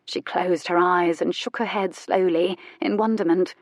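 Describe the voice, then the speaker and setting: A woman reading a romance audiobook in a soft, measured, intimate narration. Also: lowish voice, steady tone, no room sound.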